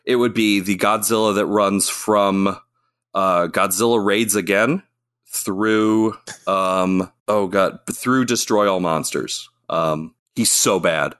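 A man's voice: lowish voice, steady tone, slow, a bit bright, clear, resonant tone. A man in casual podcast chat, rambling enthusiastically about monster movies and acting out lines. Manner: enthusiastic, rambling, acts out quotes. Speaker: podcast co-host.

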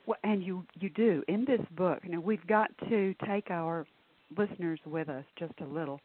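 A woman's voice: on the low side, moderate pace. Enthusiastic woman radio host, tinny sound. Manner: enthusiastic, laughs easily. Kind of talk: radio interview.

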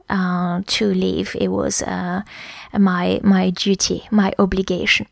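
Soft-voiced lady teaching vocab, goes real slow, spells stuff out, dry sound. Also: mid-range voice, creaky, dry recording. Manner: slow, careful, spells words letter by letter. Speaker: French teacher. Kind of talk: language lesson.

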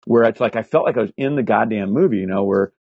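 An older man in his sixties telling animated stories as a guest, swearing freely and filling gaps with fillers. His voice is husky at a middle pitch. The sound is dry and slightly lo-fi. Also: fast, dry recording. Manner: profane, animated anecdotes with many fillers. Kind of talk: casual storytelling interview. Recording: slightly dull lo-fi audio.

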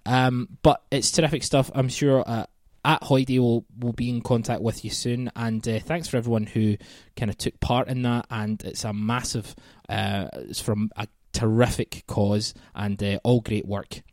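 A man's voice: medium pitch, fairly even intonation, moderate pace, hardly any pauses, a little mellow, no room sound, studio quality. Chatty man hosting a podcast. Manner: chatty, self-deprecating, many ums and restarts. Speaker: podcast host. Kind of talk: casual podcast chat.

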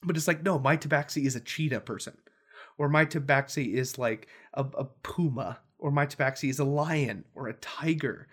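Animated, laughing podcast co-host man. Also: medium pitch, normal speed. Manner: animated, laughs often, rambling storyteller. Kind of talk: casual chat about tabletop games.

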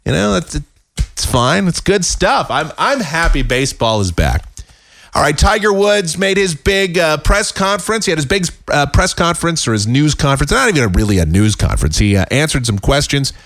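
A man hosting a casual solo podcast, talking in a rambling way with many fillers, his voice a little raspy and tired. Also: fairly high pitch, big pitch swings, moderate pace, a bit bright, no room sound. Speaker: podcast host. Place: home.

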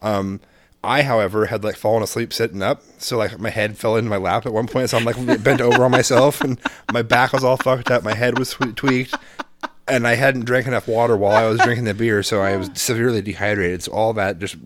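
A man's voice: on the low side, steady tone, a little fast, fairly bright tone, a little hiss or hum. Profane, rambling man telling stories. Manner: rambling, profane storytelling with frequent laughs. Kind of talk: casual chat.

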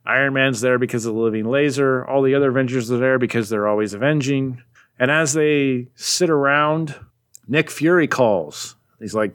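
Man, podcast co-host, relaxed rambling recap, mid-pitched everyday voice. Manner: rambling, animated retelling with quick voices for characters. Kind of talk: casual chat.

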